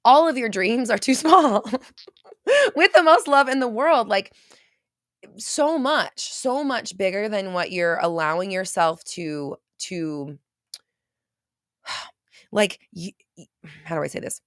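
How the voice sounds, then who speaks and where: A woman's voice: mid-range voice, slow pace, pauses often, dry recording. Chatty woman, dry close sound. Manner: chatty and animated, laughs often, frequent fillers and some swearing. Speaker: manifestation coach and show host. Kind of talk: casual livestream talk, reading viewer comments aloud.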